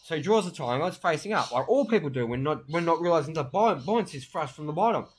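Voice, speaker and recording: A man's voice: a little high, expressive, husky. A man, rambling through crude, boastful comic tall tales. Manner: brash, crude, rambling, fast-talking boasts.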